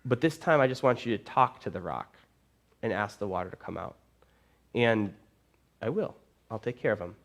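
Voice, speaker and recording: A man voicing a patient male deity who calmly repeats reassurances and gives instructions. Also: fairly low pitch, moderate pace, vocal fry, pauses often.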